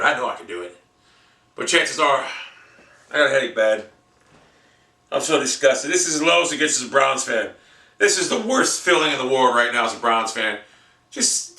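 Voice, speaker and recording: A man's voice: on the high side, bright, forceful tone, far from the mic. A man ranting angrily and profanely as a sports fan, venting at length in a room at home. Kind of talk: angry fan rant. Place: room in a house. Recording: echoey room, off-mic.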